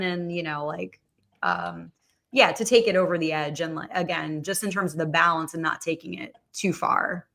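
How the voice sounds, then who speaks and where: A woman's voice: on the low side, expressive, moderate pace, creaky, a bit bright. A woman hosting a livestreamed talk show, speaking casually with many fillers and asides. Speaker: podcast host.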